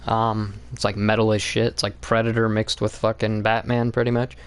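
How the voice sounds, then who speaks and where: A man's voice: fairly low pitch, flat delivery, moderate pace, smooth. A young man hosting a comics channel, talking in a blunt, rambling, profane way about what he likes and hates. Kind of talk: casual opinionated monologue.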